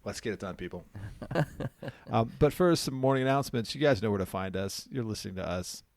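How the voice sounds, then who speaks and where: A man's voice: fairly low pitch, lively intonation, fairly quick, dry recording. A man hosting a podcast in casual, joking chat, rambling a little with ums. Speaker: podcast host.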